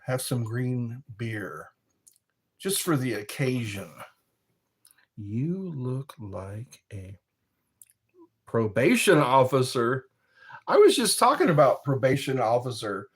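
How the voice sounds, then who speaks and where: His medium-pitched voice is husky and sing-song as this slightly wine-tipsy American livestreamer drifts through casual chat. He speaks slowly, rambling, and reads chat messages out loud.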